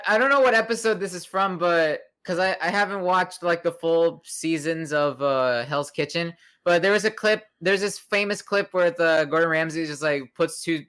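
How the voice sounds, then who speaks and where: A man's voice: a little high, a bit bright, smooth. A young man hosting a podcast, chatting casually in a rambling, profane way with lots of fillers and restarts. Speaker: podcast host. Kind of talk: casual chat.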